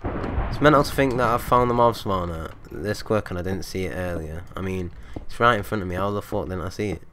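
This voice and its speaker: A young man giving casual let's-play commentary, swearing freely and getting excitable. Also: deep voice, fairly quick, a little hiss or hum. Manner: casual, swears often, excitable when in danger. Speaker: gaming channel host.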